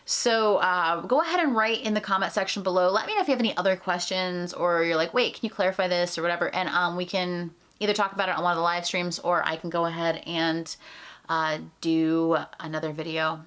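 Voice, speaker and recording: A chatty woman puppeteer talks through tips in a relaxed tutorial vlog. Her voice sits a little on the low side, and she rambles with plenty of "um" and "like" fillers. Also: brisk, clean tone.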